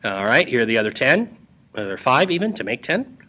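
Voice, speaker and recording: A man's voice: medium pitch, sing-song, fairly quick, pushed and bright. A male English teacher giving a casual, joking lesson to students over a screen recording. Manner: playful and jokey, talking to students.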